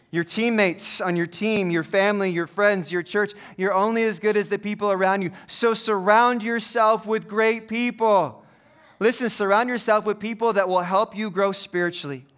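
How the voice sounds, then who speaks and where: Middle-aged male pastor, chatty humorous preacher, high and smooth. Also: a bit bright. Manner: conversational, humorous storytelling preacher. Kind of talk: sermon.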